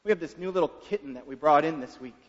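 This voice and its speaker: High-voiced preacher in a dull echoing hall. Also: male voice, fast talker. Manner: conversational, folksy, asks the listeners questions. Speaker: pastor. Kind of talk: sermon. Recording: dull reverberant hall sound.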